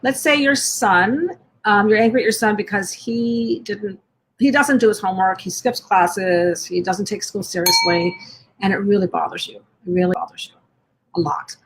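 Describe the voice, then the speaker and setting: This parenting coach talks to parents over a live stream in a gentle way, asking questions back to back and often rephrasing or starting over mid-sentence. She has a medium pitch and moderate pace, with a noisy background.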